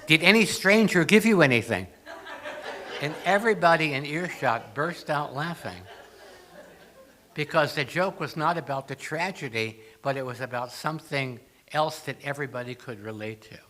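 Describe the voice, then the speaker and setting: Bright-voiced older man telling funny stories. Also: on the high side, normal speed. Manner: storytelling with jokes and acted asides. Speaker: guest speaker. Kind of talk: humorous talk to a congregation.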